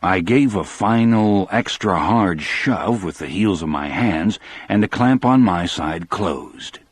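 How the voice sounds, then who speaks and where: A man narrating an audiobook in the first person with a measured, steady delivery. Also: deep voice, slightly rough, dry recording.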